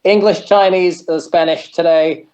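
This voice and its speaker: A man chatting as a podcast guest, animated and laughing often, now and then jumping into a high shouted promo voice. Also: measured pace, lo-fi sound. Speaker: podcast guest, metal singer. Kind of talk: casual chat. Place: in Japan, remote call.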